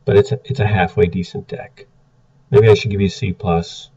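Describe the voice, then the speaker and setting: A man's voice: lowish voice, fairly even intonation, a little fast, warm tone, breathy edge. A man giving blunt, exasperated casual commentary as he reviews card game decks. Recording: muffled, distant from the mic.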